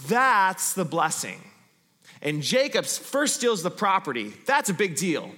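Man, pastor, sermon, storytelling delivery, bright tone, fairly high voice, long hall reverb. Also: big pitch swings. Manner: storytelling preacher, drops softer and slower when reading scripture.

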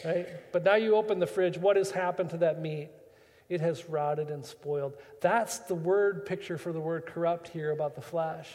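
A man's voice: a little high, normal speed, darkish tone, big-room sound. A man preaching a sermon as pastor, chatty and full of rhetorical questions.

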